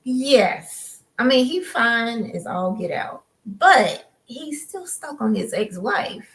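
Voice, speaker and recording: A woman co-hosting a spoiler review of a TV show, making calm, matter-of-fact remarks. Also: fairly high pitch, takes it slowly, rough recording. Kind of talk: casual spoiler review chat.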